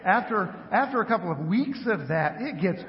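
A middle-aged man with a high voice tells a story in a loose, chatty way during a church talk. His voice rings through a large hall with a long tail of reverb. The sound is dull and muffled. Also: normal speed. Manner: relaxed, conversational, self-deprecating with small laughs. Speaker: preacher.

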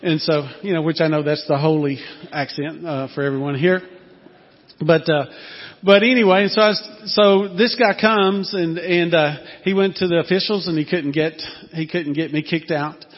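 An older man with a Southern accent tells a folksy, wandering story to a church congregation, stopping often for fillers. His voice sits a little high. The sound is muffled and rings with a long hall echo. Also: fairly even intonation, moderate pace. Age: 60s. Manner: folksy, rambling with many fillers. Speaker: former missionary telling a story. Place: church sanctuary. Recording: dull, echoey hall sound.

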